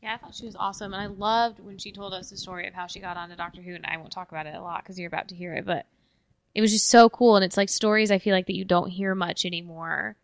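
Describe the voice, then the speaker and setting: A woman's voice: mid-range voice, fairly even intonation, quick pace, no room sound. A woman co-hosting a casual podcast, chatting with an enthusiastic, gushing manner. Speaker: podcast co-host.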